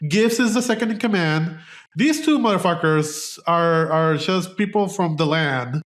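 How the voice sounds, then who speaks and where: A man's voice: fairly high pitch, animated, a little slow. A man hosting a casual film podcast chat, talking animatedly with frequent restarts and casual swearing. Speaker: podcast host.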